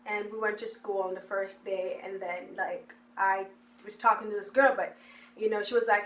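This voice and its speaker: A woman's voice: mid-range voice, flat delivery, brisk. A young woman telling her story in a documentary interview, chatty and acting out what others said. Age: young adult. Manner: chatty, acts out quoted people. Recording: echoey room, faint hiss.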